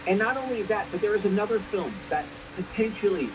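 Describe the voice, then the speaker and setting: A woman delivers scripted video commentary with a lot of movement in her pitch. She talks expressively and casually, dropping the odd swear word. The recording has a clear hiss of noise running underneath. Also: animated, brisk. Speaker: cartoon commentary narrator.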